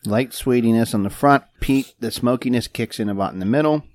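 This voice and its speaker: A man co-hosting a casual whiskey tasting, laid-back, giving measured tasting notes. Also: mid-range voice, a little mellow, dry recording. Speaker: podcast co-host.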